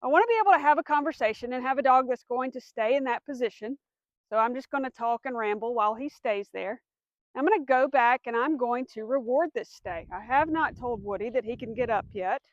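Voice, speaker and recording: A woman's voice: fairly high pitch, brisk, dry recording, highs cut off. A woman dog trainer explaining commands step by step, giving firm cues to a dog. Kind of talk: instructional demonstration.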